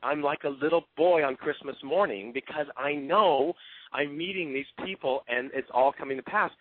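A man's voice: a little high, normal speed, husky, dry recording. A man giving an earnest, openly emotional motivational talk as a team coach. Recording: tinny phone-line sound.

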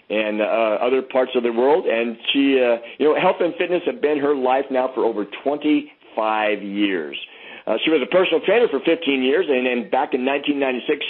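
Man, conference-call host, effusive and gushing, husky, phone-line sound. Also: medium pitch. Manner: effusive, gushing praise with many restarts. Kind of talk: enthusiastic introduction on a conference call.

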